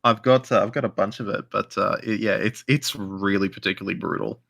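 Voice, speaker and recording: A man's voice: on the low side, steady tone, creaky, a bit bright. A man in casual chat who often stops and restarts his sentences. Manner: halting, restarts often, joking.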